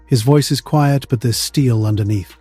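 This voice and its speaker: A man's voice: medium pitch, moderate pace, mellow, breathy edge, dry recording, faint music behind. A man narrating a dramatic history story in the present tense.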